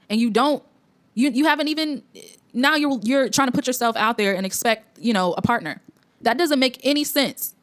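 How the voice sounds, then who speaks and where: A young woman hosting an opinion commentary vlog, talking in a preachy, blunt way with lots of fillers and restarts. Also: a little high. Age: young adult. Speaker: commentary host.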